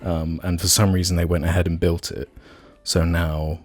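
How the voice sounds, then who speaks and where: A man with a very deep voice rambles through a story on a casual podcast, full of "like" and "um". Soft music sits faintly underneath. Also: flat delivery, normal speed, no room sound. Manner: rambling storyteller, many fillers and restarts. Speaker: podcast co-host. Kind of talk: casual chat.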